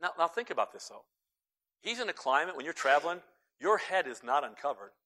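A man preaching a sermon as pastor, jumping between loud emphatic lines and quiet hushed asides, with a few jokes. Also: fairly high pitch, very animated, a little fast.

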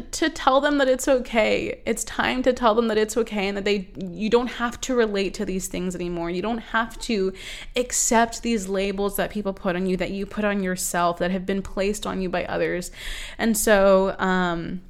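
A woman's voice: a little high, a bit bright. Earnest young woman hosting a self-help podcast. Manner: earnest, rambling with many fillers. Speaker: podcast host. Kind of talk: casual self-help talk.

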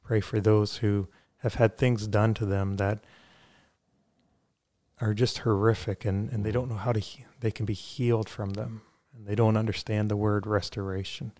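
Man, low voice, flat monotone, earnest, faith podcast talk. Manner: earnest, halting with fillers. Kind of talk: podcast conversation and prayer.

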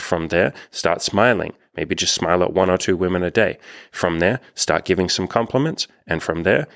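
Deep creaky-voiced male dating coach. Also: a bit bright, dry recording, clean studio sound. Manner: rambling, self-deprecating, swears freely. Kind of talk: casual coaching monologue.

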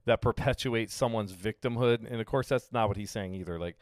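A man preaching as a pastor in a relaxed, conversational sermon, often acting out what people say. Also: lowish voice, a little fast, dry recording, clean studio sound. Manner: conversational, with frequent fillers and acted-out quotes. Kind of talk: casual sermon teaching.

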